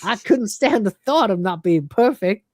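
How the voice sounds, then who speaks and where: A woman's voice: mid-range voice, lively intonation, normal speed, a little mellow, no room sound, studio quality, voice pushed up, natural voice. A woman voicing a vain, thoughtless male humanoid cat who brags in a brash, raised voice. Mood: boastful.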